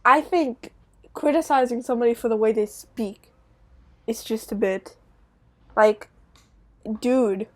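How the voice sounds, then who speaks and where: A woman's voice: fairly high pitch, a little slow, long pauses. A young woman with a light British accent, co-hosting a podcast in loose, rambling casual chat and laughing easily. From Britain.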